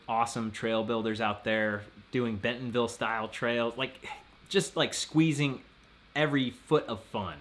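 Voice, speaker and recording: A man's voice: lowish voice, a bit bright, slight background noise. A man hosting a casual live stream, rambling and laughing often as he reads out viewer messages.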